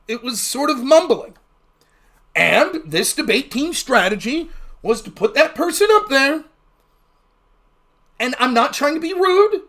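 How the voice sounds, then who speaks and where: A man hosting a casual livestream, talking fast with a blunt, profane manner. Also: extremely high pitch, a bit bright. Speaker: livestream host.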